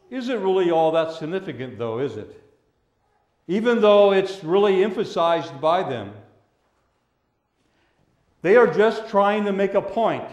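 A man preaching a sermon as pastor. He speaks in a measured way and draws out the words he wants to stress. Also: high voice, darkish tone. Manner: measured, with drawn-out emphasis on key words. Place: church sanctuary. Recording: echoey church room.

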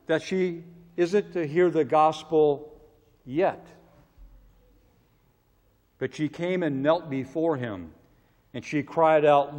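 A man delivers a sermon in a slightly high voice. He swings between loud, pleading outbursts and soft, hushed asides. A long hall reverb trails behind every phrase. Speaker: preacher.

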